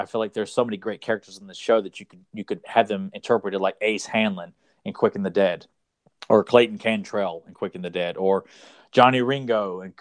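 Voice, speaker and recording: Recorded dry in studio quality, a low-voiced man co-hosts a podcast, talking excitedly and casually about an old cartoon. His fan chatter rambles along.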